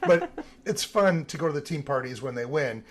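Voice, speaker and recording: A man, an Olympic team photographer, telling animated stories in an interview. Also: a little high, normal speed, husky. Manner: animated anecdotal telling with some vivid emphasis. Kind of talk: interview storytelling.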